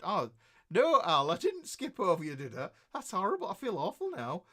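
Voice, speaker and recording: A man in his fifties with a Northern English accent hosts a casual guitar live stream, greeting viewers by name. His voice sits slightly higher than most men's. He rambles warmly, with plenty of restarts and easy chuckles. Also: wildly swooping pitch, moderate pace. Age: 50s. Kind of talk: casual live-stream chat reading out comments.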